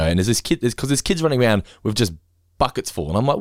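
A man's voice: medium pitch, quick pace, dry recording, studio quality. A man co-hosting a podcast, chatting casually and acting out voices when he tells stories. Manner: animated storyteller, acts out voices. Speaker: podcast co-host.

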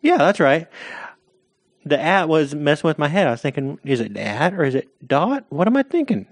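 A man's voice: a little high, sing-song, moderate pace, no echo. A man co-hosting a casual comedy podcast, cracking teasing, self-deprecating jokes. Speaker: podcast co-host.

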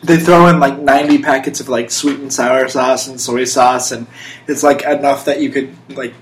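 A woman's voice: a bass voice, steady tone, moderate pace. A woman co-hosting a comedy podcast, chatting casually and rambling through her stories. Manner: rambling, lots of "like" fillers. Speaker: podcast co-host. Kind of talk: casual chat. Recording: roomy echoey room.

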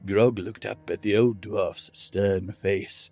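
A man reading fantasy fiction aloud as narrator, in measured, steady storytelling. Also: lowish voice, soft background music. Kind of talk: scripted narration.

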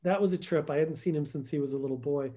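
Brief: man, interview guest, higher-pitched voice, storytelling, acts out quotes. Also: fast, mellow. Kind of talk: conversational podcast interview.

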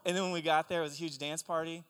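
Excitable young preacher in a reverberant hall. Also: male voice, fairly high pitch, racing, smooth. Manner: animated storytelling, excitable and conversational. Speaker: pastor. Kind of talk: sermon.

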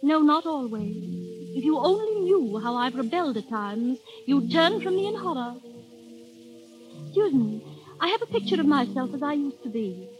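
Radio play: high-voiced spinster in her thirties, emotional and theatrical, music bed. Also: big pitch swings, moderate pace, poor audio. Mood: wistful. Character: weary spinster woman in her thirties, longing for lost youth. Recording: music under the scene.

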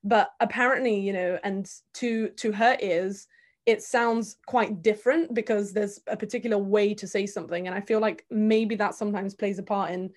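Woman, casual talk, thoughtful, hesitant with fillers, mid-pitched. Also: steady tone, moderate pace. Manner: thoughtful, with many fillers and restarts. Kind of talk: casual chat.

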